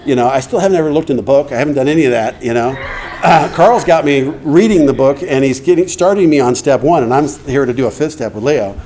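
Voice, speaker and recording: A middle-aged man shares his recovery story with a meeting audience in a relaxed, mellow voice. He talks conversationally, slips into the voices of the people he quotes, and clears his throat now and then. His pitch sits in an ordinary middle range. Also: fast.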